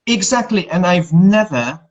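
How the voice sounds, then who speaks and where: A man's voice: high voice, animated, a little slow, dull audio. A Hungarian man, an English teacher, in a casual live chat, talking in a chatty, self-deprecating way with many restarts.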